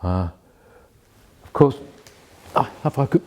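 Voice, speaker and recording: A man telling a personal story with many pauses and restarts, then reading poetry slowly and carefully. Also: mid-range voice, lively intonation, mellow. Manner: hesitant, many restarts and fillers, self-deprecating; slow, measured recitation of verse. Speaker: community member sharing a personal story.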